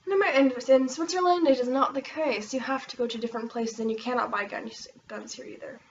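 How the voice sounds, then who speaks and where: A woman's voice: high voice, fairly even intonation, a little fast, far from the mic, lo-fi sound, a little hiss or hum. A young American woman from Oregon chatting casually to camera, rambling with lots of fillers and bubbly bursts. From Oregon, USA. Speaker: vlogger.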